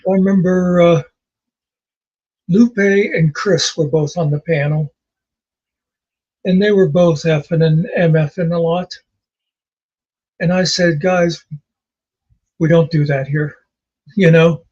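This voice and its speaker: A man's voice: on the high side, fairly even intonation, slow pace, pauses often, darkish tone, husky, dull audio. A man co-hosting a casual chat, telling rambling stories with many fillers. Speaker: podcast co-host.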